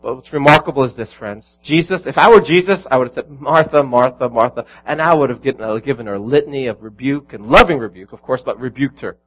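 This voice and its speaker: A man's voice: medium pitch, fast, hardly any pauses, lo-fi sound, a little hiss or hum. A man preaching a sermon as pastor, earnest and building to emphatic peaks.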